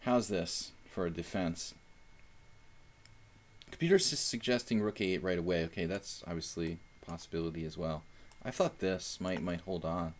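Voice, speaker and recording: A man's voice: deep voice, normal speed. A young man chatting casually while analyzing chess moves on a live stream, thinking aloud with fillers.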